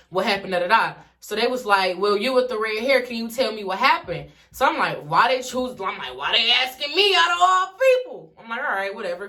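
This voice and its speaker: A young woman from Detroit telling a story in a casual vlog, swearing freely and acting out everyone's lines. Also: mid-range voice. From Detroit, USA. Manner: animated, swears freely, acts out the dialogue. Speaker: vlogger.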